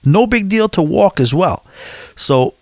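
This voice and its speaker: A man's voice: high voice, animated, unhurried, gravelly, a little mellow, dry recording, clean studio sound. A man from the United States telling a travel story to his viewers in a casual, rambling, candid way.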